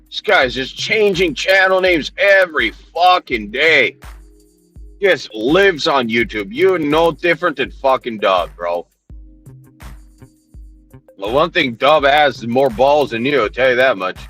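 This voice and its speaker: A man's voice: medium pitch, lively intonation, unhurried, pushed and bright, faint music behind. A man ranting heatedly on a livestream, swearing constantly, mocking and confronting people while he answers his chat.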